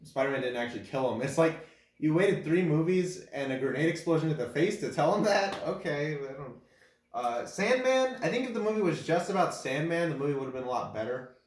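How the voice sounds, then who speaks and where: A man with a somewhat high voice chats casually, rambling through his opinions with plenty of fillers and restarts. He sounds like he is in a bare, echoey room. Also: lively intonation, brisk. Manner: rambling, filler-heavy, bursts into loud incredulous laughter. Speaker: co-host ranking films. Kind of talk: casual chat.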